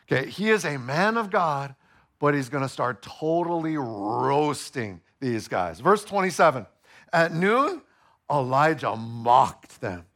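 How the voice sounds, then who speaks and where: A male pastor preaching a sermon, playful and animated, acting out the voices of the people in the story. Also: mid-range voice, slow pace.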